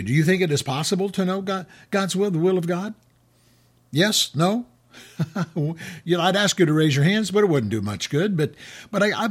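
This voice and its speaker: A middle-aged man preaching a sermon in a conversational way, with frequent restarts and questions to the listeners. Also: mid-range voice. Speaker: pastor.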